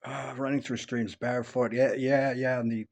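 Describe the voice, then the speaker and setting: A man's voice: medium pitch, little pitch movement, moderate pace, creaky, a little mellow. Rambling man telling stories at home. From upstate New York, USA. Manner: rambling, many restarts and fillers. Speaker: vlogger. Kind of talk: casual personal monologue. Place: at home, indoors.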